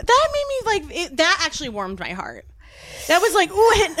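A woman with a somewhat high voice chats casually backstage as a guest. She is animated and keeps slipping into playful put-on voices when quoting people. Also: fairly quick, no room sound. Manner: animated, slips into mock voices and quotes. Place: backstage at a music venue.

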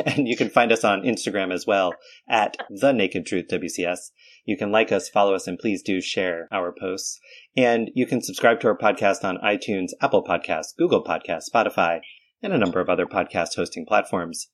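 Chatty, low-voiced male podcast host. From New York. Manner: chatty, lively storyteller, laughs easily. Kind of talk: casual podcast chat.

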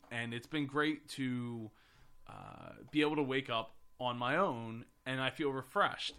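A man's voice: medium pitch, sharp tone. A man hosting a podcast in casual chat, rambling with fillers and restarts. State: voice getting hoarse. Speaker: podcast host.

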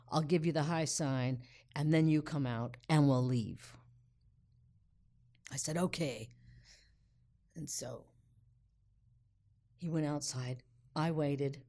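A woman telling a personal story aloud in an unhurried, vivid way with dramatic pauses. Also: low voice, darkish tone.

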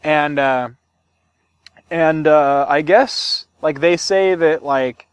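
A man's voice: fairly high pitch, very slow, smooth, no echo, studio quality. A man co-hosting a casual podcast chat, rambling loosely and laughing often. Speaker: podcast co-host.

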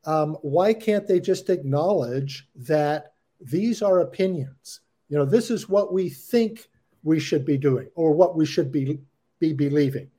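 Slow, mellow-voiced man discussing doctrine. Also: fairly high pitch. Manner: measured, thoughtful delivery. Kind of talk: reflective discussion.

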